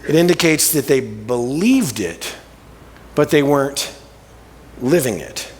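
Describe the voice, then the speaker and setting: Lively, casual male preacher in reverb. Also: mid-range voice, unhurried, breathy edge. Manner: casual, colloquial storytelling with vivid asides. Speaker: pastor. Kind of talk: sermon. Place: church sanctuary.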